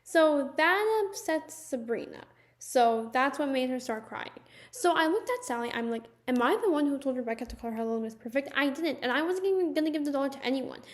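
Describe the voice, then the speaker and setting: A young woman telling a personal story in a casual, animated storytime manner, with lots of "like"s. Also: sits high, brisk. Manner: chatty, animated storytelling with many "like"s. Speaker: vlogger.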